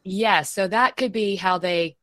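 A woman's voice: medium pitch, a little slow, fairly bright tone, dry recording, clean studio sound. A woman caller with a mid-range voice. She speaks hesitantly and hedges what she says. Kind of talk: call-in chat.

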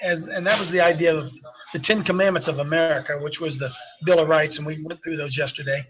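A man's voice: fairly high pitch, steady tone, fast talker, fairly bright tone, slightly rough, poor audio. A man hosting an opinionated talk show, emphatic, repeating his points and firing off rhetorical questions at his listeners. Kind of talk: opinionated talk radio commentary.

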